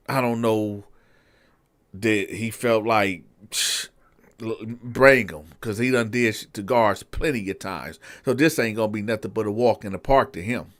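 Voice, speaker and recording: A man's voice: lowish voice, fairly bright tone. A man and show host telling a prison story in a casual, slangy way, speaking straight to his listeners.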